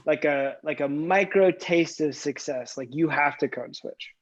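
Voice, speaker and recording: A man co-hosting a casual workplace discussion, talking in halting bursts with many restarts. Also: on the high side, dull audio. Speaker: podcast co-host.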